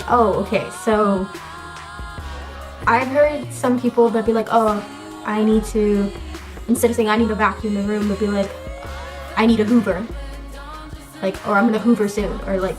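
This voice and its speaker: A woman's voice: mid-range voice, fairly even intonation, normal speed, faint music behind. A young woman from the US, chatting casually in a vlog and explaining words with lots of fillers. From United States. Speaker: vlogger.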